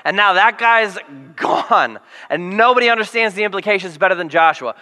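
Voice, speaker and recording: A man preaching a sermon to a congregation, telling the story in a lively, jokey way and acting out the quotes. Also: high-pitched, moderate pace, in a large hall. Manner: animated, jokey storytelling with acted quotes and yelled lines. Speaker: pastor.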